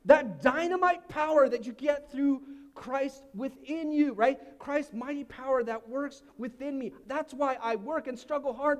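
A middle-aged male pastor preaching a lively, casual sermon with sudden shouted exclamations. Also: extremely high pitch. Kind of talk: energetic sermon.

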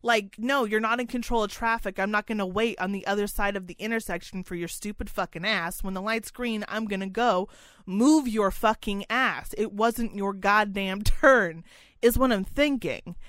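A woman co-hosting a podcast, telling a rant-style story with lots of swearing and excited outbursts, close to a studio mic. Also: medium pitch, normal speed, no room sound. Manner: profane, animated, gets loud and excited. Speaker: podcast co-host. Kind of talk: casual storytelling chat.

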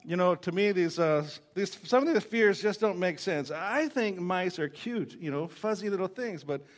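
A man's voice: high voice, animated, normal speed. A man, a pastor, preaching a sermon in a joking, storytelling way with frequent fillers and restarts.

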